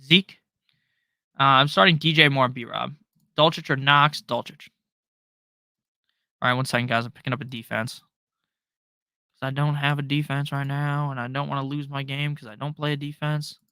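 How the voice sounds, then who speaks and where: A young man hosting a live fantasy football stream, firing off quick, profane answers to viewer questions from his home setup. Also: medium pitch, fairly even intonation, bright, forceful tone, smooth, no room sound. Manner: fast, profane, joking, reads viewer questions aloud. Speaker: fantasy football livestream host. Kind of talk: rapid-fire live Q&A.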